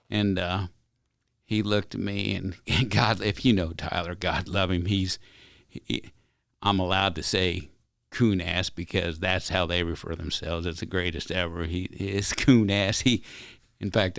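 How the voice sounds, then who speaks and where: This podcast guest owns a ranch company, and his low voice carries vocal fry with a fairly bright tone. Interviewed casually, he rambles through stories in an earnest, folksy manner. The recording is dry, with clean studio sound.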